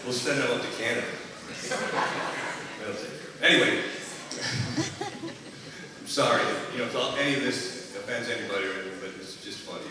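A bandleader giving rambling, joking stage banter between tunes at a live concert, chuckling often. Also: male voice, mid-range voice, fairly quick, long pauses, a crowd in the background. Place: concert hall with an audience. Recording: echoey hall from far off, noisy.

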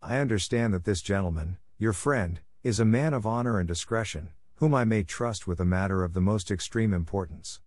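An imperious masked nobleman, as a man reads him, grave and commanding in a low register. The audiobook is recorded close and dry, with no room sound. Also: fairly quick, hardly any pauses, darkish tone, no echo, lightly acted.

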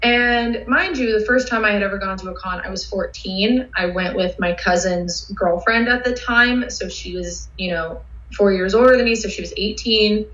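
A woman guest telling excitable, rambling stories with lots of fillers in a casual interview. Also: mid-range voice, normal speed, hardly any pauses. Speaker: guest cosplayer. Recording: roomy, dull sound.

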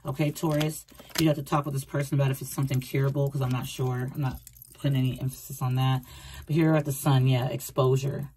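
A woman's voice: a bass voice, little pitch movement, fast talker, dark tone, slight background noise. A woman doing a casual tarot reading, rambling and repeating herself as she talks through the cards. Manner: chatty, rambling, repeats phrases, acts out quoted thoughts. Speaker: tarot reader.

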